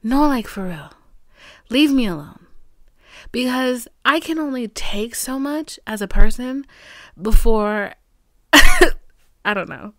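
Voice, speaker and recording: A young woman in her twenties rants on a podcast, with a fairly high voice. Her delivery is emphatic and full of swearing, and she sometimes drops to a near-whisper for asides. The sound is close and dry. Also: lively intonation, slow, pauses often, dry recording. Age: 20s. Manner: blunt, profane, emphatic, dips into hushed asides. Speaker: podcast host. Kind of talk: candid personal monologue.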